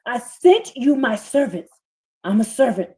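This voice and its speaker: Fiery preaching woman, higher voice. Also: very animated, measured pace, a little mellow. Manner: fiery, scolding, reads scripture in rising bursts. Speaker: preacher streaming a scripture reading. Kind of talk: impassioned live-stream sermon.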